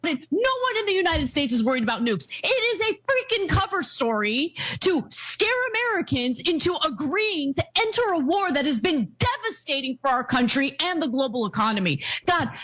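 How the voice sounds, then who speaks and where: Woman, heated political rant, scornful, high and lively pitch. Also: normal speed. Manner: exasperated, scornful. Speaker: political commentator.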